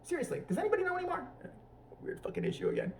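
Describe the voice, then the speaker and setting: A woman's voice: very high voice, wildly swooping pitch, racing, darkish tone, slight background noise. A woman hosting a vlog, delivering a brash, profane comedic rant. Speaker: vlog host. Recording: voice picked up from a distance.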